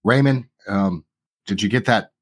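A man in his forties playing a tabletop game, measured and a little halting. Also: lowish voice, breathy edge, no room sound. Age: 40s. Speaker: player.

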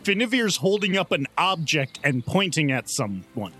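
A man's voice: on the high side, sing-song, moderate pace, bright, forceful tone, husky, soft background music. A man playing a tabletop game, joking and explaining the rules to the others. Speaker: player.

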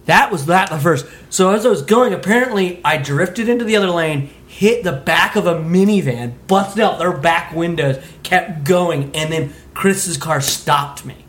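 Man, slightly high voice, from Utah, casual storytelling, animated, laughs often, swears. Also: moderate pace, few pauses. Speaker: comedy podcast guest telling a story.

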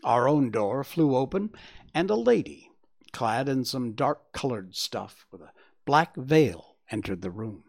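A man narrating a classic detective story as an audiobook, measured and sombre, dropping low at the ends of phrases. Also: lively intonation, gravelly, darkish tone.

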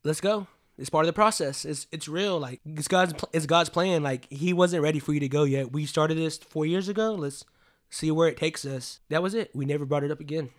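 A man's voice: fairly high pitch, fairly quick. Young man with a raised voice, rambling. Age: 20s. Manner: rambling, heavy use of "like", swears casually. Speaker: guest telling a personal story. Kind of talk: casual emotional storytelling.

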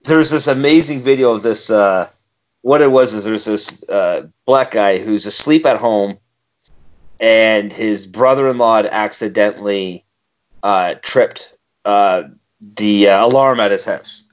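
A man's voice: lowish voice, a little slow, lo-fi sound. Profane man telling a story on a podcast. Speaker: podcast co-host. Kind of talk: casual podcast chat.

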